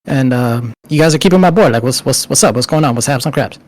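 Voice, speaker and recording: A man's voice: mid-range voice, fast talker, a little mellow, no room sound, close to an everyday voice, low-quality recording. A man voicing a pushy, slangy talent manager who stammers and repeats himself. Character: brash male talent manager, street-slangy.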